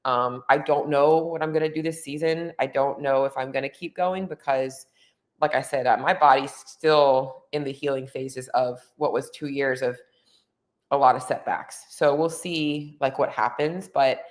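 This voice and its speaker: A podcast host with an extremely low, fairly even voice and a moderate pace shares her own story in a relaxed, candid monologue. She rambles with lots of "um" and "like" fillers and lets her feelings show openly.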